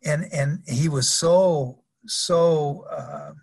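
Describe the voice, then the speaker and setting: A man's voice: a little high, very slow, gravelly, darkish tone, husky. An older man, a former wrestler, telling rambling anecdotes in an interview, full of restarts and laughter. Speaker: guest, former pro wrestler. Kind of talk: storytelling interview.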